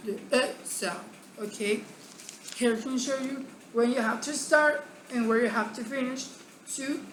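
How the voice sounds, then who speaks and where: A woman teaching a pronunciation lesson, speaking deliberately and repeating words to show how they sound. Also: fairly high pitch, a bit bright, a little hiss or hum. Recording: echoey room with faint background ambience.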